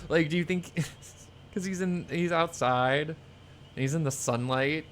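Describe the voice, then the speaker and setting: A man's voice: a little high, unhurried, fairly bright tone, a little hiss or hum. A man giving casual, rambling commentary over a video game he is playing, sarcastic and swearing when annoyed. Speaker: let's play streamer. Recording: faint game music behind.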